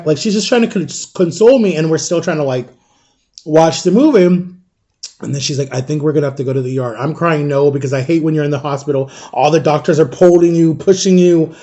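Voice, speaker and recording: With a fairly high pitch and a mellow quality, and the treble cut off in the recording, a male vlogger in his thirties eats while chatting. His long personal story rambles casually, thick with fillers, aimed straight at the audience he calls "guys."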